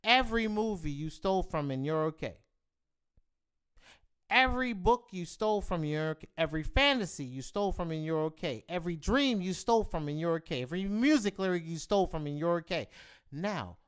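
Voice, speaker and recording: A man's voice: high voice, a little fast, clear, resonant tone. A man hosting a live stream, ranting about tech news in a heated, profane way. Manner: animated, profane, heated rant with bursts of emphasis. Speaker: livestream host.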